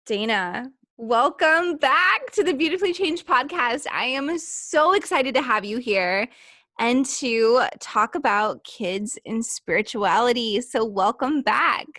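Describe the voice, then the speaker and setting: A woman's voice: a little high, animated, slow, sharp tone, dry recording, clean studio sound. A woman hosting a podcast, chatting in an upbeat, enthusiastic way with many casual fillers. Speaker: podcast host. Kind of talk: casual interview chat.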